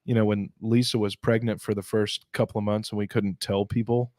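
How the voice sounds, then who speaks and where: A man's voice: lowish voice, little pitch movement, darkish tone, no room sound. Easygoing man chiming in casually. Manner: easygoing, quick reactions. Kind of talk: casual chat over drinks.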